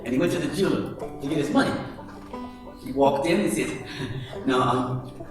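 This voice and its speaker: A man telling a folktale live to an audience, animated with chuckling asides. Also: fairly high pitch, moderate pace. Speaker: storyteller. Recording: echoey hall from far off, faint music.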